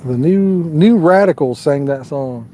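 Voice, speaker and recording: A man hosting a night fishing livestream, chatting loosely with viewers in a folksy, rambling way. His voice sits a little high for a man, with a dark, mellow tone. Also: measured pace, slight background noise. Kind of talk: casual live-stream chat.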